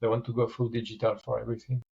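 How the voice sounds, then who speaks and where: A man's voice: medium pitch, monotone, racing, vocal fry, a little mellow. Man, co-host, casual chat, hesitant, repeats words, slightly muffled sound.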